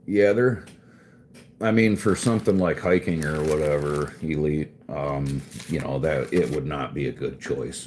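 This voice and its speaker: Chatting with his viewers, this livestream host jokes around, curses freely and reads the chat aloud in a relaxed manner. He has a very deep, darkish voice, and there's a bit of hiss or hum.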